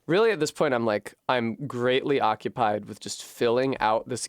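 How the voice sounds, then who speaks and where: A man streaming a game from home, working through a puzzle out loud at a desk microphone with frequent swearing and frustration. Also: medium pitch, normal speed, hardly any pauses, clear, resonant tone, no echo, studio quality. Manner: profane, puzzling aloud, frustrated. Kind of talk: live-streamed gameplay commentary.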